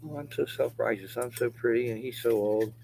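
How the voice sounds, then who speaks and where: Brief: sneering, self-righteous youngster, mocked by a low-voiced man, high singsong. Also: steady tone, fairly quick, vocal fry, darkish tone, a little hiss or hum, lightly acted, poor audio. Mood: mocking.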